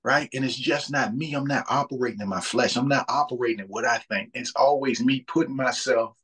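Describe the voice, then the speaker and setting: Speaking briskly, a man in his thirties with a husky, slightly bright voice at a normal middle pitch shares earnest, casual thoughts on faith. He frequently starts over and repeats words as he figures out what he means.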